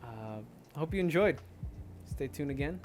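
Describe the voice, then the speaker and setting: A man's voice: fairly high pitch, expressive, measured pace, darkish tone, soft background music. A young man hosting a casual solo podcast, rambling with many restarts and fillers, a little out of breath. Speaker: podcast host.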